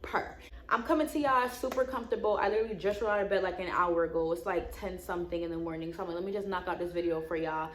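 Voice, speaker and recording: A woman's voice: fairly low pitch, fast talker, echoey room, slight background noise. A young woman vlogger chatting casually and slangily to her viewers, laughing often. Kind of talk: casual vlog chat.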